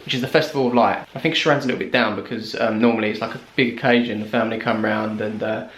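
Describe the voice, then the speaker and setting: A man's voice: on the low side, fairly even intonation, very fast, a bit bright, a little hiss or hum. A young man, chatting casually and upbeat to camera in a family vlog on a handheld camera. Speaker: family vlogger.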